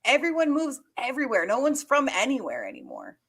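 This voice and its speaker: A woman from Georgia with a bright, high voice and no Southern accent, frank and animated as she argues a point. She fills her talk with "like" in casual podcast chat. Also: brisk, husky. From Georgia, USA. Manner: animated, frank, says "like" often. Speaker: podcast co-host. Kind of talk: casual movie review chat.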